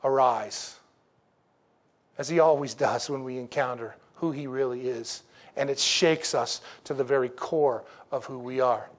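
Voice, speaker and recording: A man preaching a sermon in a conversational, folksy way, with rhetorical questions and slow, emphatic declarations. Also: medium pitch. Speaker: pastor.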